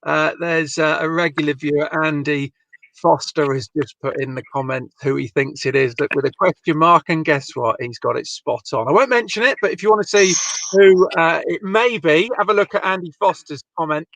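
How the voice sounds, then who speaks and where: A man's voice: on the high side, moderate pace, gravelly, fairly bright tone, dry recording. Chatty male show host. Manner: chatty, reads viewer comments aloud. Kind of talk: live-stream chat with guests.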